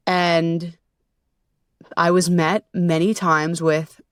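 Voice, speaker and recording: A woman's voice: fairly low pitch, fairly even intonation, takes it slowly, smooth, no room sound, clean studio sound. A woman hosting her own podcast, telling a story in a candid, casual way, full of swearing and fillers like "you know" and "like". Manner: candid, profane, conversational with frequent fillers. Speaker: podcast host and self-love coach.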